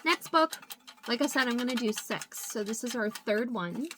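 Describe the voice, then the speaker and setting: A woman's voice: fairly high pitch, lively intonation, moderate pace, bright, forceful tone, slight background noise. A young woman vlogging about books in a casual, bubbly chat as she walks through her home, giggling often and saying "like" a lot. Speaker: book vlogger. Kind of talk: casual chat while walking around the house. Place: at home, moving between rooms.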